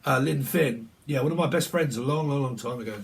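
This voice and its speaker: A man's voice: medium pitch, brisk, vocal fry. A man doing a casual psychic reading, rambling through names and laughing between thoughts. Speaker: tarot reader.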